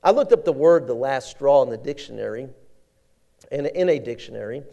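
A man preaching a sermon in an animated, conversational way, often repeating words as he goes. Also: mid-range voice, fairly quick, creaky, lo-fi sound.

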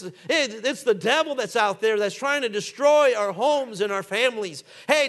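A high-pitched male pastor delivering a sermon. He hammers his points with repetition, calls on the congregation to answer, and reads scripture aloud in old-fashioned phrasing. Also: a bit bright.

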